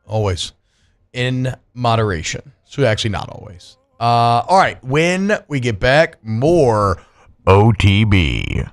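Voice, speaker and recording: A man co-hosting a sports radio show, chatting loosely and joking, then reading a sponsor ad with quick repeats. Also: medium pitch, expressive, soft background music. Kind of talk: casual radio chat and live ad read.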